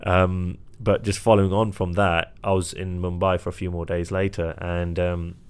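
Low-voiced man telling stories. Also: moderate pace, clear, resonant tone. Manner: animated storyteller, quotes others, laughs often. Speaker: magician and entertainer. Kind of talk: casual chat.

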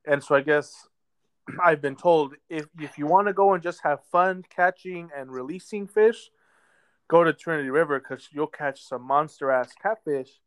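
A man co-hosting a casual podcast, laid-back and drawn-out, with many ums. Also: on the high side, smooth. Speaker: podcast co-host. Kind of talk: casual chat. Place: lives in a southern US metro area.

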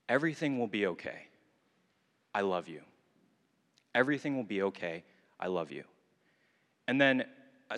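A young adult man giving a sermon at a retreat, telling a personal story with lively asides to the listeners. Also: mid-range voice. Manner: animated storytelling with asides to the audience. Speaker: retreat speaker. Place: hall at a retreat. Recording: long hall reverb.

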